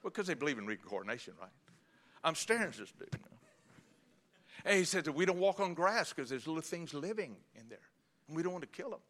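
A man's voice: on the high side, sing-song, brisk, fairly bright tone. A man preaching a sermon as a Baptist pastor to his congregation, fiery and folksy with joking asides. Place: church before a congregation.

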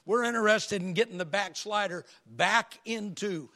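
A man preaches from the pulpit, his high voice raspy and gravelly as he tells folksy stories. His tone is bright and a little strained, and he keeps it animated throughout. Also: moderate pace. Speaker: pastor. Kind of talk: sermon.

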